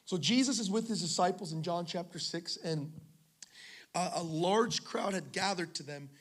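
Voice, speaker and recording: At a church service in a school venue, a male pastor delivers his sermon in a high-pitched, fairly bright voice at a moderate pace. He keeps things light with funny stories and banter with the congregation.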